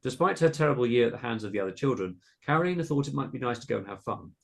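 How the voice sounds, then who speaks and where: A man reading a comic spooky short story aloud in a hushed, suspenseful narrating tone. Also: medium pitch, animated, rapid-fire, vocal fry. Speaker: podcast host reading his story.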